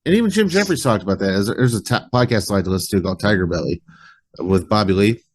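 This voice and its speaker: Homme détendu qui parle sans fin. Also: male voice, fairly low pitch, rapid-fire. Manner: relaxed, rambling, full of "like". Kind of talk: casual podcast chat.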